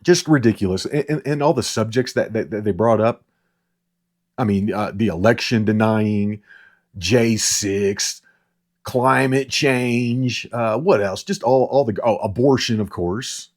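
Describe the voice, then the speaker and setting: A man's voice: on the low side, measured pace. A man giving casual political commentary, rambling and sarcastic, repeating words and laughing at his own jokes. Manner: sarcastic, mocking impressions. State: short on sleep.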